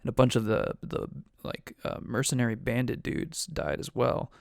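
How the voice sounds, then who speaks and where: A man's voice: mid-range voice, normal speed, creaky, no room sound, studio quality. A man acting as game master, giving a rambling, profane, offhand recap of a tabletop game.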